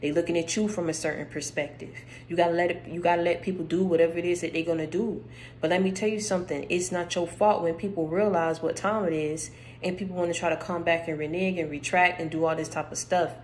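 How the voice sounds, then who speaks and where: A woman with a fairly low voice gives a spiritual pep talk and hammers her points home through repetition. She speaks directly to the listener, and her voice sounds worn and hoarse. A faint hum sits under the recording. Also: steady tone, fast, rough recording. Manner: emphatic, repeats phrases, addresses listener directly. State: losing her voice. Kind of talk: spiritual encouragement monologue.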